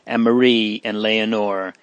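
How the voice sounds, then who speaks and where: Man narrating a classic novel, earnest and unhurried, average pitch, dry close-miked sound. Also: level tone, dry recording. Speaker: audiobook reader. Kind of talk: scripted narration of a Victorian novel.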